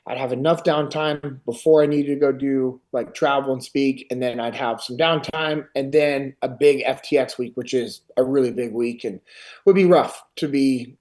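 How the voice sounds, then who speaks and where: With medium pitch and a moderate pace, a middle-aged man hosting a podcast shares a personal story. He keeps it casual and animated, playing out other people's lines as he goes.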